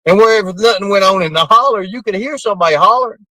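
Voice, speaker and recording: A man's voice: sits high, fast, bright, forceful tone, no echo, poor audio. A man telling a rambling story casually, laughing often and cursing freely. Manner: rambling, laughing through the tale, coarse language.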